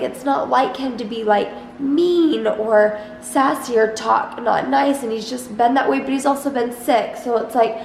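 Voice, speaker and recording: Young mom vlogging in the kitchen, high voice w some fry, lots of like like, echoey room. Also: female voice, a little mellow, a little hiss or hum. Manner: rambling, heavy use of "like". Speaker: vlogger and mother. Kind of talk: casual vlog talk to camera. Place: home kitchen. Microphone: handheld vlog camera.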